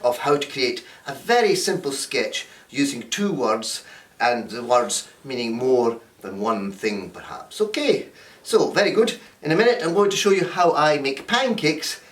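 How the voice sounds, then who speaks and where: A man's voice: mid-range voice, expressive, a little slow, fairly bright tone. A man leading a recorded workshop at home. He talks playfully and acts out little scenes to demonstrate. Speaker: drama and games workshop leader. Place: indoors in a home room. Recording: roomy sound from a distant camera.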